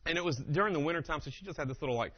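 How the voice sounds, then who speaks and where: A man giving a humorous motivational keynote, telling family stories in an animated way and acting out the dialogue. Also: on the high side, racing. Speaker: keynote speaker. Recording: dull lo-fi live recording.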